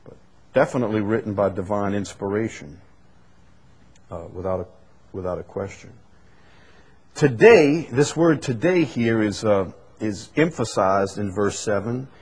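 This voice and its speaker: In a fairly low, husky voice, a man teaches from the Bible. He swells into loud repetitions for emphasis and afterward slows into a quiet, faltering explanation.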